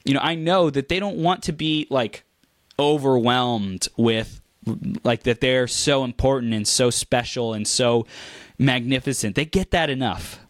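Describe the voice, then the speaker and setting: A man's voice: unhurried, no echo, clean studio sound. A man giving a motivational talk, upbeat and repetitive, often stumbling over and repeating words, laughing at his own jokes. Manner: acts out quoted reactions in a higher voice. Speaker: motivational speaker. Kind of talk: motivational monologue to camera.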